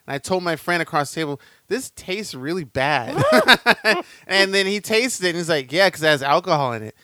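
A man in his thirties with a bright, crisp voice, chatting casually and laughing often. The sound is dry and close. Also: fairly high pitch, expressive, brisk, no room sound. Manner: laughs often, loose storytelling. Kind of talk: casual chat.

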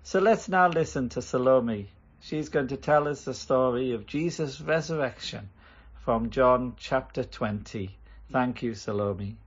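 A man's voice: medium pitch, a little slow, husky, dull audio. A man leading a church service and preaching in an earnest, emphatic way. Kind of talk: sermon.

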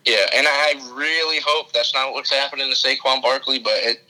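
A young man co-hosting a sports podcast, excitable and emphatic, often throwing in "dude" and "man". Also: medium pitch, normal speed, poor audio. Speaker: podcast co-host. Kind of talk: casual sports chat.

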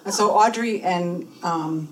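A woman's voice: fairly low pitch, slow. A woman in her fifties giving a personal testimony at church, telling her story and acting out the voices of people she quotes. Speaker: church speaker and minister in training. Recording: voice from a distance in a room, faint noise.

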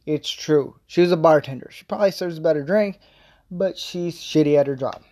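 Talk it out like a man with a fairly high voice ranting off the cuff, rambling with lots of filler words, blunt and swearing freely. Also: a little fast, a little mellow. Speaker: vlogger giving political commentary. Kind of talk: casual opinion rant.

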